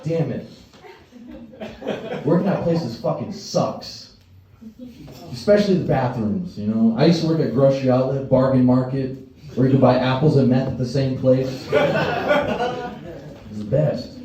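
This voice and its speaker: A man's voice: medium pitch, moderate pace, long pauses, mellow. A young man doing a stand-up set, telling crude, profane stories and acting out the voices of people in them. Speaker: stand-up comedian. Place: comedy stage before a live audience. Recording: distant, roomy live stage sound.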